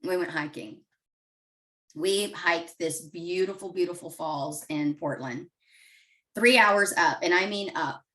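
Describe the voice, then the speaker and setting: A woman's voice: fairly low pitch, slow, fairly bright tone, far from the mic, low-quality recording. A middle-aged woman telling an open, heartfelt personal story as a guest. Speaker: guest client.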